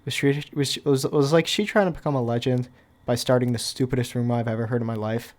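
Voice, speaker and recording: A man's voice: medium pitch, fairly even intonation, fast. A young man casually telling a storytime, rambling and packing his talk with "like", with offhand, wry asides. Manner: rambling, filler-heavy with constant "like". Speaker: storytime YouTuber.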